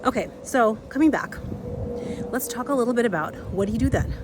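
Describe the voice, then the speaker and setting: A woman in her thirties with a slightly raspy voice, hosting an energetic motivational talk outdoors while a little out of breath from walking uphill. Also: fairly high pitch, fairly quick, background noise. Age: 30s. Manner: energetic, repeats key phrases, laughs often. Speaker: podcast host and coach.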